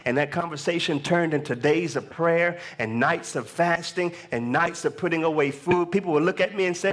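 A man in his thirties preaching a sermon, swinging from hushed storytelling to raised exhortation, with call-and-response lines. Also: on the high side, moderate pace, hardly any pauses. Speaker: pastor.

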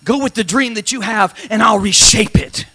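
A male pastor delivering a dramatic church sermon, calling out to the congregation for responses and swelling into shouts. His voice sits unusually high for a man, bright and forceful. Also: moderate pace. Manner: call-and-response preaching, dramatic, rising to shouts.

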